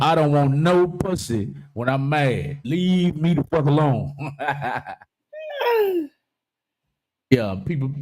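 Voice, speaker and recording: A man with a fairly high speaking voice hosts a live stream, joking loudly and reading viewer comments aloud between stories. His banter is casual and full of swearing. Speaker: livestream talk show host.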